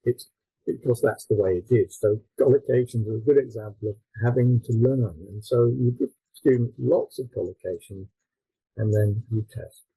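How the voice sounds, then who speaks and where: A man presenting his textbook at a conference, explaining with fillers and quick self-corrections. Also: medium pitch, vocal fry, dark tone, husky, no echo, poor audio.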